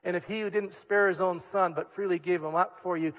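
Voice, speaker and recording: A man's voice: high voice, fairly even intonation, brisk, a bit bright, in a large hall. A man preaching a sermon as a pastor, earnest and emphatic, repeating key words for weight. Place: church hall.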